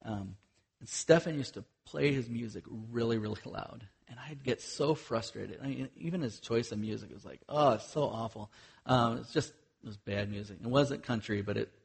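A man delivers a sermon as a missionary, speaking earnestly in a loose, conversational way. His voice has a husky edge, and his pitch sits in an ordinary middle range. He often pauses on fillers and restarts his sentences. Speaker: missionary preacher.

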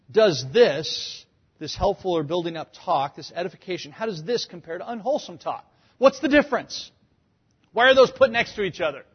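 A man preaching a sermon as a pastor, asking rhetorical questions and pushing up to a shout for emphasis. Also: high-pitched, breathy edge. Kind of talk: sermon teaching. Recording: dull lo-fi recording.

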